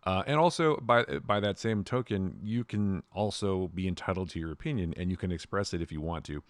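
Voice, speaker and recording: A man's voice: deep voice, a little fast, no room sound. A man co-hosting a podcast, chatting casually with rambling, hedged opinions. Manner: musing, rambling, hedging opinions. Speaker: podcast co-host. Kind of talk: casual chat.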